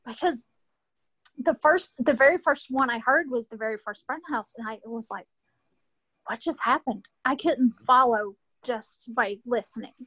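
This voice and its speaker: A woman with a fairly high voice chats eagerly as a podcast guest, gushing and laughing often. The sound is dry and close, with almost no room in it. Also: measured pace, sharp tone, husky, no room sound. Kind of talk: casual podcast chat.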